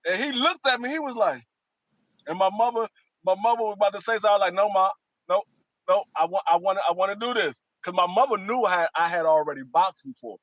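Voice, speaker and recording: A man telling stories in a casual podcast chat, animated, raising his voice for quoted lines. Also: high-pitched, fast, dry recording, highs cut off. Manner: animated storyteller, voices quotes loudly, laughs. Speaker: podcast co-host.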